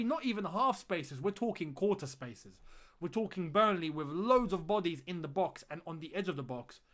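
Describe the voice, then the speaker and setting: High-voiced man chatting on a live stream. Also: a bit bright. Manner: chatty, thanks viewers and reads out their comments; repeats phrases for emphasis. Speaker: fan channel host. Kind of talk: live-stream watchalong chat.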